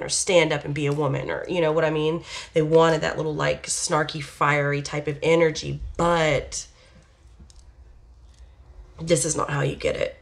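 A woman giving a rambling, casual tarot reading, blunt and candid, with sighs and laughter. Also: low-pitched. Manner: chatty, rambling, swears casually. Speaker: tarot reader.

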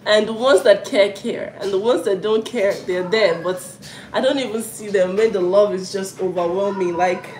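A woman's voice: medium pitch, steady tone, moderate pace, darkish tone. Effusive woman on an echoey live stream. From Africa. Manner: effusive and emotional, calls out sharply to her children. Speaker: vlogger livestreaming while cooking. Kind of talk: casual live-stream chat. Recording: echoey room with noisy background.

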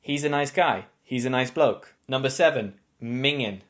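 A man with a British English accent, an English teacher giving a scripted slang lesson with clear explanations and wry asides. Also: medium pitch, moderate pace. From England.

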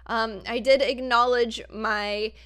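Bubbly high-voiced young woman gamer. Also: steady tone, takes it slowly, fairly bright tone, clean tone. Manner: bubbly, gushing, says "like" often. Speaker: gaming video host. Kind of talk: casual gameplay commentary. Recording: music playing behind voice.

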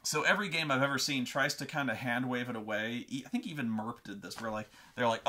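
A man's voice: mid-range voice, fast, few pauses, sharp tone. A man hosting a show, telling a long, profane, rambling rant full of tangents. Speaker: host. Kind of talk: comedic rant.

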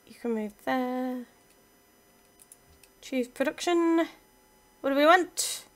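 A young woman offers relaxed let's-play commentary, chattering and addressing her game pieces. She speaks at a slow pace, her voice a touch higher than most women's.

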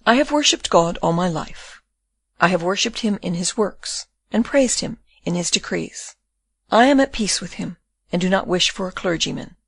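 A woman reading the part of a condemned young man in prison, speaking in a tender, calm and consoling way. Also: fairly low pitch, moderate pace, creaky, slightly rough, no room sound, heavily acted.

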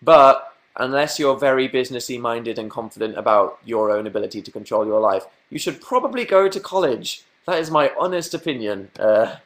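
Young southern English man, self-mocking livestream host, medium pitch, playful and sing-songy, webcam at home. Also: lively intonation, brisk, few pauses. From southern England. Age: young adult. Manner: playful, self-mocking, bursts into silly sing-song noises. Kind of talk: casual livestream chat answering viewer questions.

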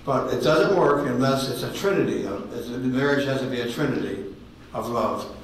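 Man in his 80s, testimony sermon, halting folksy storytelling, very echoey hall, distant mic. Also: medium pitch, slight background noise. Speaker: guest speaker giving testimony. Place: ministry meeting room with audience.

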